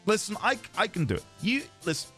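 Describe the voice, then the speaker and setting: A British man streaming a video game, chatting casually with his viewers, quick to laugh and self-deprecating. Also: high-pitched, very animated, sharp tone, faint music behind. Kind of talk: casual live-stream chat.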